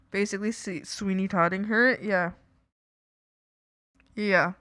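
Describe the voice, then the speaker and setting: A woman's voice: mid-range voice, fairly even intonation, slow, a bit bright, clean tone, no room sound, studio quality. Rambling young woman streamer. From Canada. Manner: rambling, swears, many fillers. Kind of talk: casual chat.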